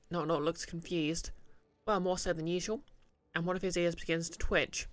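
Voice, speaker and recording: A man's voice: fairly high pitch, level tone, moderate pace, a bit bright, no room sound. A man streaming a game, chatting casually and jokingly while reading the game text aloud.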